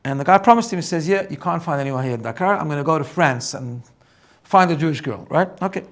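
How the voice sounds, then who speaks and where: A middle-aged man, a rabbi, telling a story in a lively way and often repeating words as he builds it up. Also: on the high side, quick pace. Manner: animated, repeats words when excited. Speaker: rabbi teaching personal growth. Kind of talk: storytelling talk.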